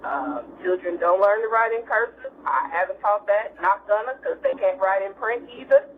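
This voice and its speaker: A woman's voice: medium pitch, normal speed. A woman teacher calling in to a podcast, chatty and blunt, sounding exasperated. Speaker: caller, teacher. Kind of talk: voicemail call-in. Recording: tinny phone line with faint noise.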